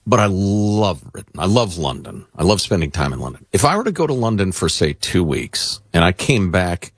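A man's voice: big pitch swings, moderate pace, husky, no echo, clean studio sound. A man co-hosting a talk radio show, joking and theatrical in casual banter. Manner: joking, theatrical, swings his pitch widely. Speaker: radio co-host.

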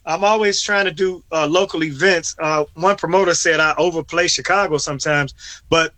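Bright-voiced male comedian on a call. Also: fairly high pitch, moderate pace, dry recording. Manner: joking, conversational, some stammering restarts. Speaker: comedian guest. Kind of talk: casual radio interview. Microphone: remote video call.

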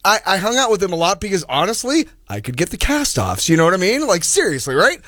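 A man's voice: high-pitched, sing-song, fast talker, fairly bright tone, no room sound, studio quality. A man co-hosting a casual talk show, telling stories animatedly and acting out dialogue. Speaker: co-host. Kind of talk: casual banter and storytelling.

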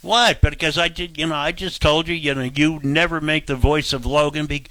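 A man's voice: on the high side, fairly even intonation, moderate pace, pushed and bright, no room sound. A man hosting talk radio, giving blunt, rambling opinions. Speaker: radio talk show host.

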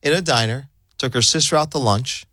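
A man's voice: mid-range voice, brisk, no echo, studio quality. A male radio show host telling a story in casual on-air banter, acting out the voices of the people in it. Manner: animated storyteller, acts out quoted voices.

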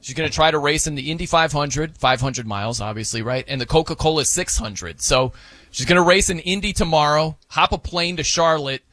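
A man's voice: fairly high pitch, brisk, a bit bright, no room sound. A man co-hosting a sports talk show, chatting casually and animatedly, laughing and acting out wrestling announcer bits.

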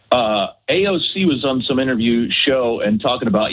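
A man's voice: mid-range voice, animated, measured pace, long pauses, a little hiss or hum. A man co-hosting a radio show by phone, chatting in a laid-back, rambling way. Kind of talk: casual talk radio banter. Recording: tinny phone line.

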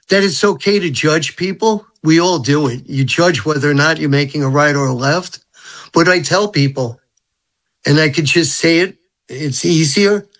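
A man's voice: fairly high pitch, fairly bright tone. A man in his seventies, raised in Brooklyn, telling spiritual stories as a radio interview guest in an earnest, rambling way. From Brooklyn, New York. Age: 70s.

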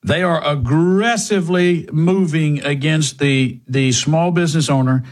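A man's voice: a little high, measured pace. A man hosting talk radio, sardonic and emphatic. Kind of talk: talk radio monologue and ad read.

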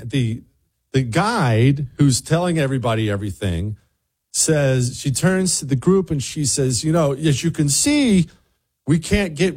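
A man's voice: mid-range voice, darkish tone, slightly rough. A man hosting a show, telling a casual vacation story and mimicking other people in raised voices. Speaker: radio show host.

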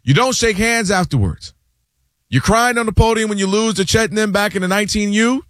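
A man hosting a casual sports talk show, animated and quick to act out what others say. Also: high voice, no echo, clean studio sound. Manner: animated, acts out quotes in other voices, repeats words.

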